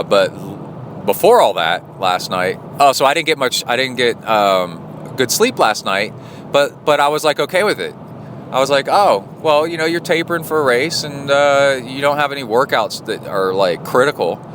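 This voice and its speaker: Recorded against a noisy background, this low-voiced middle-aged man, a podcast host and triathlon coach, rambles through a casual spoken diary. He's full of fillers and restarts, perking up whenever he retells a story.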